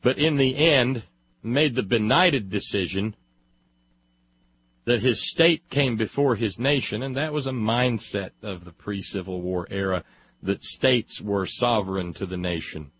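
A man's voice: lowish voice, a little slow, slightly rough, dry recording. A man giving an impassioned opinion monologue as a commentator, emphatic and building long lists with rising force. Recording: dull lo-fi dry recording.

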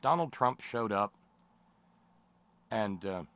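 A man's voice: lowish voice, animated, slow, a bit bright, dull audio. A man hosting a political commentary show, sardonic and rambling in his delivery. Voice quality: gravelly. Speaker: host.

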